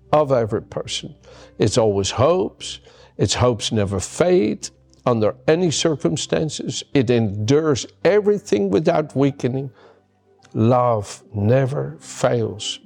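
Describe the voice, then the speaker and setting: A male pastor preaches in an earnest, emphatic way, and his voice has a gravelly edge. He sits at an ordinary middle pitch and hammers home points by saying them twice. Soft music plays low behind him. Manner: earnest, emphatic, repeats key words. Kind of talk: sermon with personal story.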